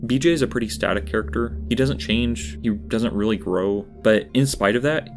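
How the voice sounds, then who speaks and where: A man's voice: on the low side, gravelly. A man narrating a scripted game review, earnest and candid, with dry asides. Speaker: video essay host.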